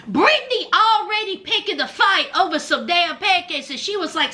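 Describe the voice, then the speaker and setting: A woman's voice: extremely high pitch, expressive, normal speed, hardly any pauses, pushed and bright. A woman giving a casual, sassy recap commentary, dramatically acting out what people said. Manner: sassy, dramatic, acts out quotes.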